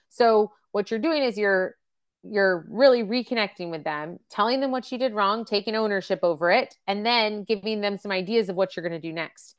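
A woman in her thirties or forties runs a parenting webcast, speaking at normal speed in a clear, resonant, mid-range voice. Her informal teaching is chatty and full of fillers, with examples she acts out as quotes.

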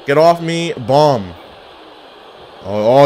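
A man commentating his own online wrestling game, jokey and excitable, full of trash talk, swearing and wrestling slang. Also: medium pitch, unhurried, long pauses, slight background noise. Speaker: gaming video creator.

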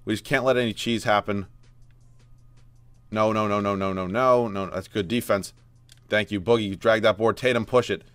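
A man commentating his own basketball video game as he plays, swearing, groaning and yelling at bad plays. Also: fairly low pitch, steady tone, moderate pace, long pauses, clean tone, no echo, faint music behind. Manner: frustrated, loud outbursts at the game. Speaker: gaming YouTuber. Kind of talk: live gameplay commentary.

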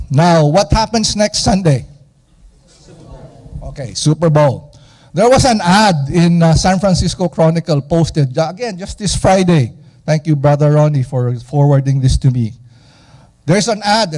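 Speaking with a Filipino accent, a man from the Philippines delivers an energetic, chatty sermon and keeps asking his listeners questions. His voice is on the high side.

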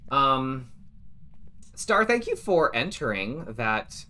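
A man's voice: mid-range voice, very animated, slow, bright, forceful tone. A man streaming a game live, chatting casually and joking with viewers and a teammate. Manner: chatty, jokey, thanks viewers mid-game. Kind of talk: casual live-stream chat while playing.

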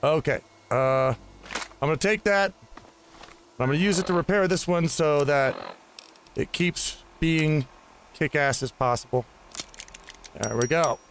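Gaming host, man, slightly high voice, chatty and rambling as he plays, faint background hiss. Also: measured pace, pauses often, fairly bright tone. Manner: rambling, chats to enemies. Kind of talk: casual game commentary.

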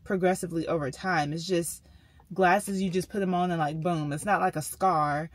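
A woman talks casually to her viewers. Her voice sits a little low, and she chats loosely with plenty of fillers. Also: steady tone, moderate pace. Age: 30s. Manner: chatty, frequent fillers, addresses viewers as y'all. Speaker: vlogger. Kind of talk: casual vlog chat.

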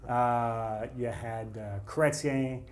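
A man's voice: medium pitch, drawn-out words. A man from Canada, a guest writer telling anecdotes and acting out the voices of the people in them. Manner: animated storyteller, acts out quoted dialogue. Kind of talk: anecdotal storytelling.

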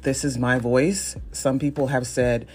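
A woman's voice: extremely low pitch, steady tone, unhurried, a little mellow, soft background music. A woman in her forties from Northeast Ohio, chatting on her solo podcast in a chatty, self-deprecating way and laughing often. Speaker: podcast host. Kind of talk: casual solo podcast monologue.

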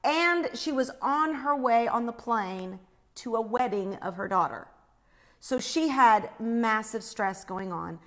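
A woman shares a personal story of faith with lots of animation, acting out the screams she describes. Her voice is on the high side and she speaks slowly.

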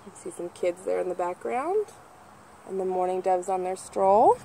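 A woman reading a children's picture book aloud as a nature center educator, animated and imitating bird calls as she points out the pictures. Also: on the low side, moderate pace, gravelly, a little hiss or hum.

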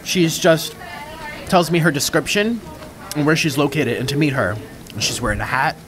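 A mukbang vlogger with a fairly high-pitched male voice eats on camera and tells a rambling, dramatic story into his own microphone. He speaks at a normal speed in a chatty way, often interrupting himself, with crowd noise in the background.

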